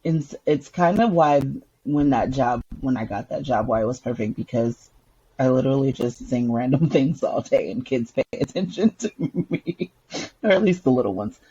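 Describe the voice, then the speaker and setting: A woman co-hosting a podcast in casual chat, an animated storyteller who laughs often and breaks into song. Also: a bass voice, moderate pace, breathy edge, muffled recording. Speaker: podcast co-host.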